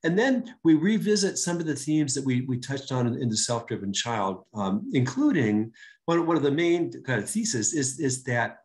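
A man with a plain, middle-pitched voice talks to parents about raising kids. He stops and restarts his sentences often as he feels his way forward. His tone stays easy and conversational. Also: animated. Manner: halting, with many restarts. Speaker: co-author giving a book talk.

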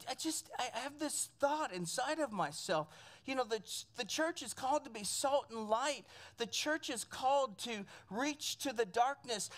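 A preacher with a high voice delivers an impassioned sermon, repeating phrases and restarting sentences as the thoughts pour out. The voice sits above the usual range for a speaker and carries through a church sanctuary with only a small congregation present. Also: a bit bright. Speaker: pastor.

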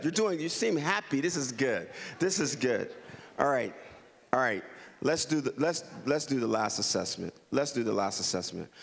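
Gravelly-voiced man coaching a crowd. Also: mid-range voice. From Los Angeles. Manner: animated, call-and-response, drills the audience with repeated prompts. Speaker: guest speaker. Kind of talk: interactive talk to a community audience.

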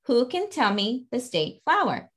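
A woman's voice: on the high side, sing-song, measured pace, fairly bright tone, voice pushed up. A woman reading as a kindly cat schoolteacher. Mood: encouraging. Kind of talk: reading a children's book aloud.

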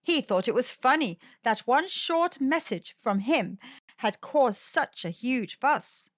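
Woman storytime host, high, animated sing-song read-aloud, dry close mic. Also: slow, no echo, highs cut off.

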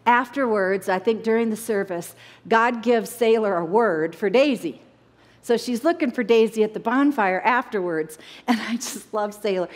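A woman preaching and teaching scripture in an animated way. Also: on the high side, moderate pace. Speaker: Bible study teacher. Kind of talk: sermon. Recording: echoey hall.

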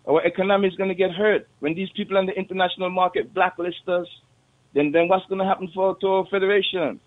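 A man calling a radio show, talking in an earnest, casual way. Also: high voice. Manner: earnest, casual, keeps saying bro. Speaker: caller. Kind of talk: call-in radio chat. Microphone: phone line. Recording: tinny phone line.

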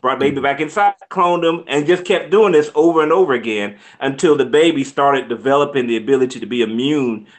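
A man's voice: mid-range voice, fairly quick, hardly any pauses. A man co-hosting a casual film review chat, rambling with restarts and laughing often.

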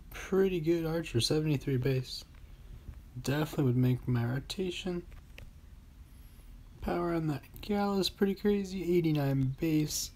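Man, game channel host, casual pack-opening commentary, relaxed tone. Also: a little high. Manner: relaxed, talking to himself while opening packs.

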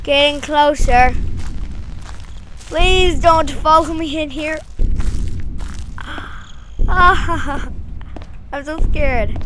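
A woman hosting a gaming channel, giving jumpy horror game commentary at home. She talks back to the monster, dropping to whispers, then taunting it loudly. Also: sits high, drawn-out words, pauses often. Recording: noisy background hiss.

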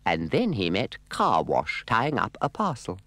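Man narrating a storybook, arch, wry, very deep voice swooping wildly, music underneath. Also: huge pitch swings, unhurried, pushed and bright, no echo.

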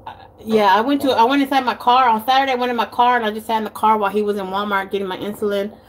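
Texan lady rambling and giggling at home, kinda high voice, swears a lot. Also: fairly even intonation, rapid-fire. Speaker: vlogger. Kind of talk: casual chat. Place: home kitchen.

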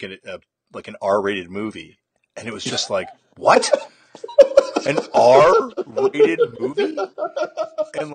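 A man's voice: lowish voice, fairly bright tone, slightly rough, dry recording. A man hosting a podcast, chatting in an easygoing way and often giving short replies while he listens. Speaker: podcast host. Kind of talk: casual interview chat. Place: podcast studio.

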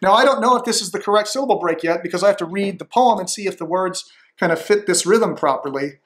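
Musing man, slightly high voice. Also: fast talker, fairly bright tone. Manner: tentative and musing, with many restarts. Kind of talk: thinking-aloud demonstration.

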